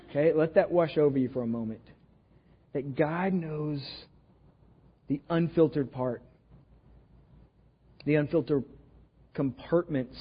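A man's voice: fairly high pitch, slightly rough, lo-fi sound. A man with a Texan accent preaching a sermon in a casual, joking way, often checking in with the room. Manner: conversational, jokey, asks the room "right?" often. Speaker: pastor. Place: church sanctuary.

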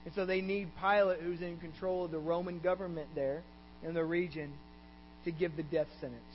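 A man's voice: a little high, fairly even intonation, fairly quick. A man with a Texan accent preaching a sermon as pastor, telling the scripture story with animation and acting out the characters' lines. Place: church. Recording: dull recording with mains hum.

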